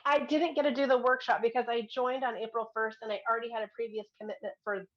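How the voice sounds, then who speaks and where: A woman's voice: fairly high pitch, fairly even intonation, fast talker, dull audio. A woman guest telling a personal story in a casual chat, earnest and rambling. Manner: earnest, rambling, with frequent restarts and giggles. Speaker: guest, client.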